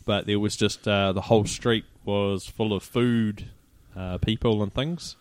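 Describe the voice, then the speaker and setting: A man co-hosting a podcast in casual chat, recounting his travels in an easygoing, relaxed way. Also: on the low side, unhurried, clear, resonant tone, dry recording. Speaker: podcast co-host.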